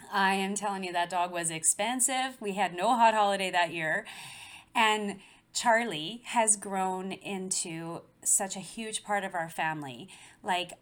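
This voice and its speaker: A woman in her forties with a slightly low voice tells a personal story in a relaxed conversation. She speaks with animation and laughs easily along the way. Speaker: guest. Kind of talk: casual conversation.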